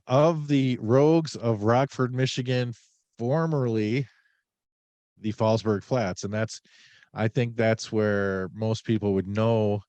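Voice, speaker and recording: A man's voice: lowish voice, darkish tone, no room sound. A man hosting a podcast in casual chat, a little under the weather, rambling and joking with many fillers. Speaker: podcast host.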